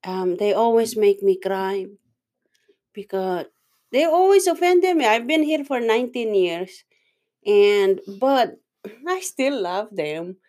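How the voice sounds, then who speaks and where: A woman with a Filipino accent whose first language is Tagalog, chatting casually and emotionally with halting phrasing and frequent laughs. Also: medium pitch, a little mellow. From Philippines. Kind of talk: casual chat.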